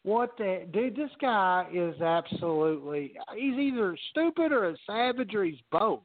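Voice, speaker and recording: A man with a high-sitting, unhurried voice co-hosts a podcast, chatting casually and animatedly, swearing freely and quoting others in voices. The recording is dry and narrow, like a phone, with no room sound.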